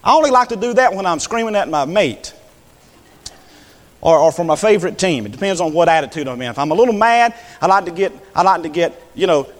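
A preacher with a high, lively voice, preaching a sermon in a church sanctuary. He slides from quiet, conversational asides up into ringing, impassioned shouts. The room adds a long reverb tail to every line. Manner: impassioned, swings from low talk to high shouts.

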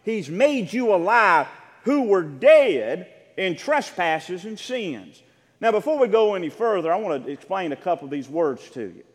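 A male pastor preaches an emphatic sermon, drawing out words, building to rising shouts, and calling questions out to the congregation. His voice is high-pitched and very animated, with a big-room sound.

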